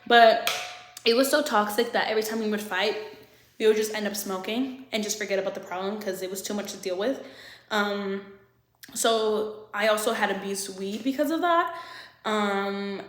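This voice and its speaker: A young woman vlogger telling a casual storytime, animated, swearing freely, with laughing asides. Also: medium pitch, normal speed. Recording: echoey room.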